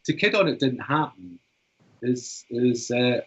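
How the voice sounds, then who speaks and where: British psychotherapist in his fifties, earnest and explanatory, husky, on a lo-fi line. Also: medium pitch, big pitch swings, unhurried, a bit bright. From Britain. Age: 50s. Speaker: psychotherapist and author. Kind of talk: storytelling and interview talk. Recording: dull lo-fi recording.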